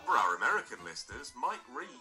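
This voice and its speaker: A man's voice: medium pitch, big pitch swings, fast talker, music in the background, rough recording. A man co-hosting a podcast, chatting casually with sarcastic, mocking humour. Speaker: podcast co-host. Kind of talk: casual banter.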